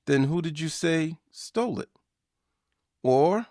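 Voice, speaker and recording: A man hosting a business lesson, delivering a scripted talk with measured, emphatic shifts in inflection. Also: a little high, expressive, mellow, no echo, studio quality. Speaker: podcast host.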